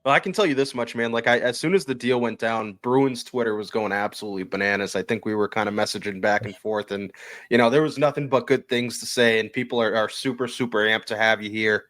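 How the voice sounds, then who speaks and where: A man's voice: on the low side, steady tone, fast, fairly bright tone. A man hosting a hockey podcast, asking long, chatty questions full of fillers. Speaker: podcast host. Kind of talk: casual interview.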